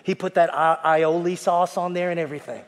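A male pastor preaching a sermon, folksy, swinging from shouting to hushed tones and calling out to the congregation. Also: a little high, steady tone, a little fast. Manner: folksy, repeats calls to the congregation. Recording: long hall reverb.

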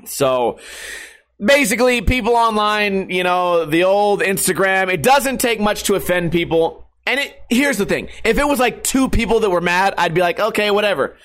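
A young male streamer who skateboards talks to his audience in a high, animated, slightly bright voice at a moderate pace. His casual rant is sarcastic and full of profanity, and he keeps poking fun at himself.

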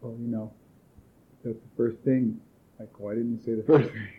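A man leading a training workshop, calmly asking participants probing questions. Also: mid-range voice, moderate pace. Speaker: workshop leader. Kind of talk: facilitating a group process. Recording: thin phone-like workshop recording.

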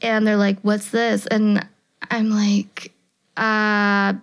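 Twenties American woman, casual rambling storyteller, mid-pitched, lots of fillers and quoted dialogue. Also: little pitch movement, slow, a little mellow. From United States. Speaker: storyteller guest. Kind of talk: casual chat.

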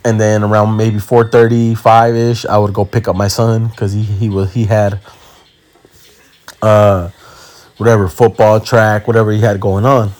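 A man's voice: lowish voice, level tone, moderate pace, darkish tone. A man in his thirties hosting a casual podcast from home on a phone, rambling, joking and swearing, with slang. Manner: rambling, joking, self-correcting, swears freely. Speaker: podcast host and comedian.

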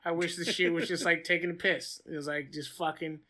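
A woman's voice: low voice, steady tone, brisk, fairly bright tone. A woman in a casual podcast chat, joking bluntly and swearing freely.

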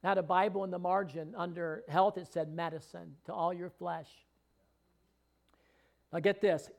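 Guy preaching a sermon, pretty high voice, gets fired up reading scripture. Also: steady tone, moderate pace, gravelly, pauses often, darkish tone. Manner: fervent, rising to emphatic scripture readings. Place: church hall with congregation.

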